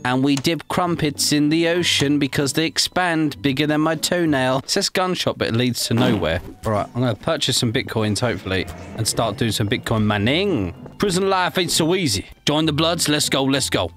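A man's voice: mid-range voice, animated, a little fast, few pauses, over music. A man with an English accent, a gaming YouTuber joking and roleplaying through a prison game with cheeky banter. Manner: cheeky, joking, calls people mate and son. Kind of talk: playful gameplay commentary and roleplay chat.

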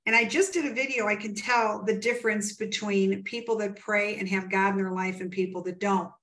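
A woman's voice: mid-range voice, moderate pace, fairly bright tone. A woman from the United States, a psychic medium, retelling a client conversation with emphatic, quoted dialogue in an interview. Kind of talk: animated storytelling in an interview.

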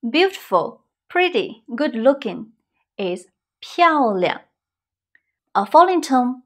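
A woman teaching beginner vocabulary, saying each word slowly and repeating it several times. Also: a little high, animated, a bit bright. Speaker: Chinese teacher. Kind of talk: slow vocabulary lesson with repetitions.

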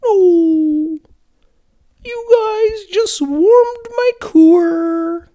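A performer voicing Linda, a chirpy woman with a squeaky high voice who folksily mangles French phrases in a comedy sketch. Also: extremely slow, mellow, exaggerated voice. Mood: chatty.

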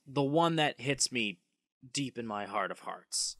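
A man's voice: medium pitch, lively intonation, measured pace, a bit bright, no echo, clean studio sound. A man co-hosting a podcast in casual chat, an enthusiastic fan who rambles and corrects himself mid-sentence. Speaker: podcast co-host.

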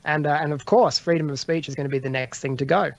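A man's voice: fairly high pitch, fast, vocal fry, lo-fi sound. A man, co-hosting a political panel chat, speaking bluntly and laughing at his own jokes. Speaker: podcast co-host.

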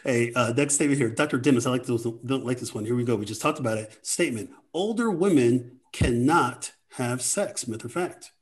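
A man's voice: mid-range voice, fast, few pauses. A man hosting a health talk show, running a myth-or-fact quiz segment in an upbeat, playful way with jokey asides.

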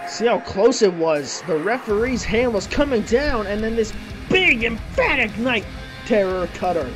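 Excitable male play-by-play caller, unhurried pace, clear music bed underneath. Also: high-pitched. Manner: excitable, bursts into shouting at big moments. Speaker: wrestling commentator. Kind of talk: play-by-play wrestling commentary. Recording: clear music playing behind.

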